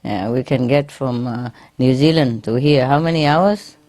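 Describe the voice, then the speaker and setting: With a very deep voice at a normal speed, a woman speaks over background noise in a gathering hall. She is a spiritual teacher telling jokes to a live audience in non-native English, often laughing at her own jokes and checking in with listeners using tags like "no?" and "eh?".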